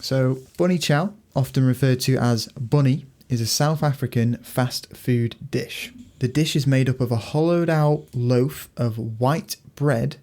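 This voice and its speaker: A man co-hosting a podcast, relaxed as he explains his research. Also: mid-range voice, measured pace, hardly any pauses. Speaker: podcast co-host. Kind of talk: casual podcast chat.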